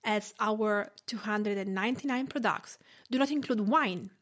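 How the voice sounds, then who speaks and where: A woman's voice: mid-range voice, moderate pace. A woman from Tuscany with an Italian accent, hosting a cooking podcast in careful, explanatory narration. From Tuscany, Italy. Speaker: podcast host and home cook.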